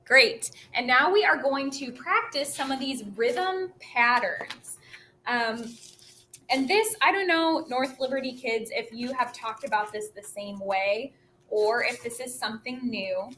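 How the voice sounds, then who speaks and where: A woman music teacher giving a virtual lesson to children, talking slowly and clearly and chanting rhythms for them to repeat. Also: on the high side, sharp tone, a little hiss or hum.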